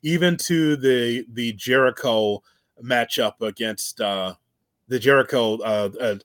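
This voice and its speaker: A man co-hosting a casual wrestling podcast, talking in an animated way and acting out quotes with laughter. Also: mid-range voice, takes it slowly, smooth, no room sound, studio quality. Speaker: podcast co-host.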